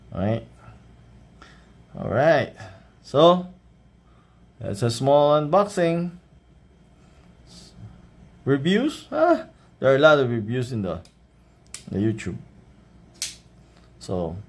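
Slow-talking Filipino man unboxing a knife. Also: fairly low pitch, a little hiss or hum. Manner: relaxed show-and-tell, often adds a questioning "right?". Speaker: knife reviewer. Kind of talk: casual unboxing vlog.

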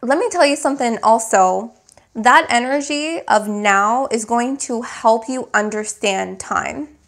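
Woman tarot reader with a slightly high voice, unhurried and emphatic, coaching listeners through affirmations. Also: a bit bright. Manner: searching for words. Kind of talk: spiritual tarot reading.

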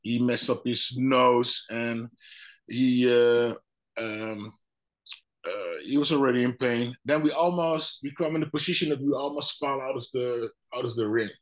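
A man's voice: mid-range voice, a little slow. A man, a guest former fighter, telling a story in casual chat with many restarts and acted-out quotes. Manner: animated, acts out other people's lines.

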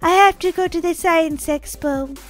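A woman's voice: very high voice, normal speed, no room sound. A woman playing a sick sister in a family role-play game, whiny and pleading. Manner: whiny, pleading, fake sneezes. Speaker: role-player voicing Daisy.

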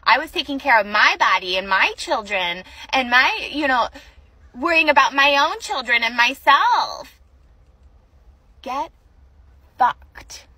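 A woman in an angry, profane personal rant, shouting at times. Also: high voice, expressive, normal speed, no echo. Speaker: vlogger.

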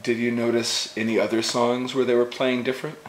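A man's voice: medium pitch, level tone, brisk. A man interviewing a fellow fan, asking short, chummy questions. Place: outdoors at a festival. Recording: echoey with loud noise and clicks.

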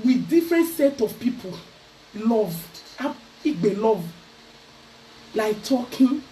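A Nigerian woman vlogger ranting loudly to camera in a mocking, scolding way. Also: a little high, expressive, slow, a little hiss or hum. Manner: loud, mocking, switching into Pidgin. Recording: voice a bit far from the mic.

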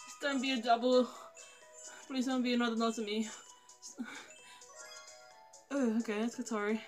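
A woman's voice: fairly high pitch, fairly even intonation, normal speed, faint music behind. Pleading, swearing woman gaming streamer. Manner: pleading, swearing, frequent laughs. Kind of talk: casual commentary on a mobile game.

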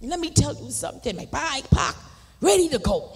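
A Bahamian woman giving a fervent testimony during a church service, swinging between shouted declarations and hushed whispers in a preacherly cadence. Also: high-pitched, big pitch swings, a little fast. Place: large church sanctuary. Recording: church livestream with long hall reverb.

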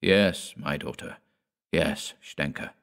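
A man voicing a cold, boastful old vampire patriarch in an audiobook, speaking slowly and wearily. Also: a bass voice, fairly even intonation, creaky, a bit bright, heavily acted. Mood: weary.

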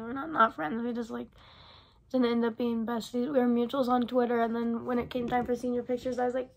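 Young female vlogger, rambling and chatty, slightly high voice with vocal fry. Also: a little hiss or hum. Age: young adult. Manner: chatty, rambling, frequent "like" fillers. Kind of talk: casual chat, reading old letters aloud.

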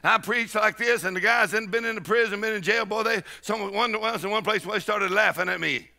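A man preaches a charismatic sermon in a high, bright, gravelly voice that rises and falls widely. He talks folksy and slow, breaking into shouts and laughter. A congregation murmurs faintly behind him. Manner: shouting praise and bursting into laughter; folksy, with y'all and ain't. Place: church sanctuary with congregation.

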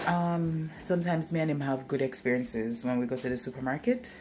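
A woman's voice: low-pitched, a little fast, few pauses, darkish tone, slight background noise. A woman with a Jamaican accent chatting to her phone camera in a casual, storytelling vlog, now and then turning to talk to her toddler. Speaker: lifestyle vlogger. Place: car, outdoors in the cold and at home. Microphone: phone front camera.

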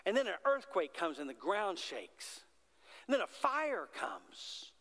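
A man's sermon, delivered in a high, light voice. He keeps it conversational and keeps asking the congregation questions. The sound has the long reverb of a large church sanctuary. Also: big pitch swings, unhurried, a bit bright. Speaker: pastor.

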